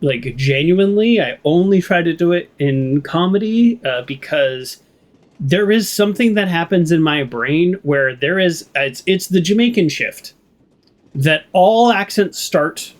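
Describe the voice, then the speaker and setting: Here's a man with a West Coast American accent, a let's play streamer who chats and rambles through a game he's commenting on, laughing and dropping fillers often. He speaks a little slowly in a slightly high, animated voice.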